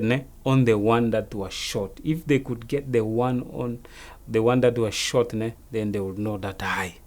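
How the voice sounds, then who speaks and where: A man recounting a story as an interview guest in a lively, casual way, often checking that the listener follows. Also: lowish voice.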